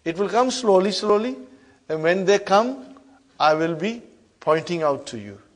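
A male Arabic grammar teacher with a high voice, lively intonation, and measured pace leads an emphatic classroom lesson. He drills students through repetitive call-and-response and checks in frequently, rising loudly on key terms before dropping softly.

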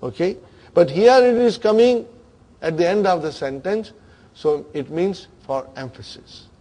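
A man's voice: high-pitched, lively intonation, a little slow, warm tone. A man teaching a grammar class, questioning his students and checking in with them often.

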